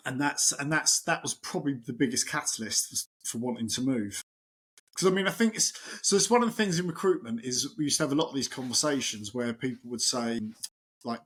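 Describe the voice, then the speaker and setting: A middle-aged chef appears as a podcast guest, telling stories in casual chat with a medium-pitched voice at a fairly quick pace. He is lively, acts out quotes and restarts often.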